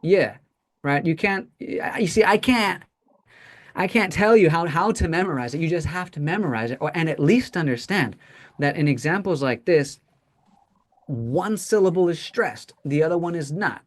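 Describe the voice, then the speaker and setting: A man's voice: on the high side, lively intonation, moderate pace. A man teaching an English pronunciation class, explaining patiently and checking in often with "right?".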